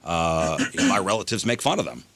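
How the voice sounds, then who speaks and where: A man's voice: sits low, animated, moderate pace, background noise. A man co-hosting a radio comedy show, chatting casually and mimicking accents when he quotes people. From East Coast. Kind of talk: casual chat.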